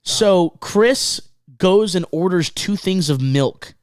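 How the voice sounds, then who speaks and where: Excited, swearing man telling a tour story. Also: high voice, slow pace, dry recording. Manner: excited, swearing, repeats himself, laughs mid-sentence. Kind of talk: casual storytelling chat.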